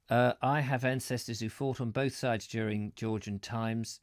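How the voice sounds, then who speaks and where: Male live-stream host, mid pitch, dry close sound, reads and muses chattily between viewer comments. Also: no echo. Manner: chatty, muses aloud over viewer comments, stumbles on names. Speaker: host reading a book live and answering comments. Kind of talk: live-stream reading and casual chat with viewers.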